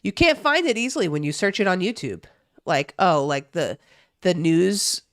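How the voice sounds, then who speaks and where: There's a lot of pitch movement in this young woman's lowish voice, and she talks at a moderate pace. Originally from New Jersey, she reads the news on a live stream in a relaxed, profane way and answers chat as it comes in. The recording is dry and studio quality.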